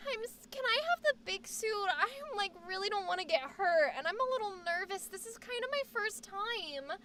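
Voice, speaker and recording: A woman voicing a timid, overly sweet young woman who talks in a soft, apologetic, hesitant way. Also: extremely high pitch, animated, moderate pace, a little hiss or hum, voice pushed up, heavily acted. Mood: meek, apologetic.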